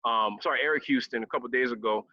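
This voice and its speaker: A man's voice: medium pitch, very fast, sharp tone, no echo. A man hosting a podcast interview, chatting casually with frequent laughs and long, rambling questions. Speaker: podcast host. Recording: dull lo-fi sound.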